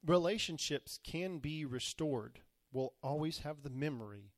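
A man's voice: fairly high pitch, animated, measured pace, no room sound, studio quality. A man preaching a sermon, retelling scripture in plain, modern words and acting out the quoted voices. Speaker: pastor.

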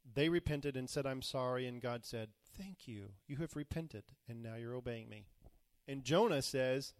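A man's voice: mid-range voice, moderate pace, smooth, no room sound. A man preaching a sermon, retelling scripture in plain, modern words and acting out the quoted voices. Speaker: pastor.

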